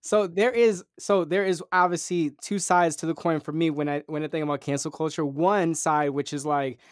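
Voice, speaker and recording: A man's voice: on the high side, fairly even intonation, normal speed, clean tone, no echo, clean studio sound. A man in a casual podcast chat who talks reflectively and builds up to emphatic points.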